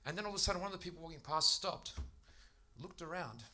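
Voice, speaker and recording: Young aussie guy doing stand-up, high voice, super bright and punchy, chatty quick storytelling. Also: lively intonation. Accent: Australian. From Australia. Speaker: stand-up comedian. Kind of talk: stand-up comedy set. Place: comedy club stage.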